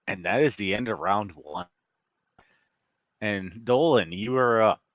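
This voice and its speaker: A man's voice: on the low side, a little slow, no room sound, narrow, tinny audio. A man running a tabletop game as dungeon master, joking and teasing his players.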